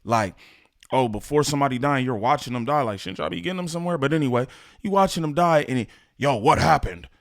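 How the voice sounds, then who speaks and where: A man's voice: mid-range voice, fast, dry recording, clean studio sound. A man hosting a reaction video, chatting casually and in slang, speaking straight to his viewers. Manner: animated, slangy, talks to viewers. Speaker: reaction channel host.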